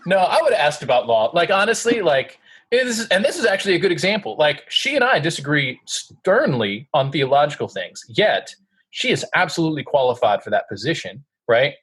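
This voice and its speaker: A man's voice: a little high, big pitch swings, fairly quick, a bit bright, husky. A man co-hosting a podcast in casual chat, upbeat and enthusiastic. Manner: upbeat, enthusiastic, laughs often. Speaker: podcast co-host.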